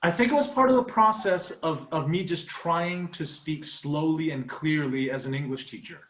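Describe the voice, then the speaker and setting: A man's voice: a little high, a bit bright, dull audio. A man in his forties from Canada, a talk show guest chatting casually and telling stories. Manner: chatty storyteller, does quick voices. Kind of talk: casual chat. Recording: roomy echoey sound.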